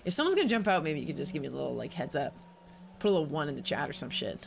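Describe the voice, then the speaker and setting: A woman's voice: sits low, sing-song, rapid-fire, gravelly, slight background noise. A young woman streaming a horror game, chatting bluntly and reacting as she plays. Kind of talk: let's play commentary.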